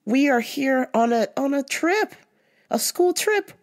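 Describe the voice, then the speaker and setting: A woman's voice: high voice, lively intonation, a little slow, pitched above the performer's own voice. A woman voicing a protective school band instructor who speaks in a firm, emphatic way. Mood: insistent.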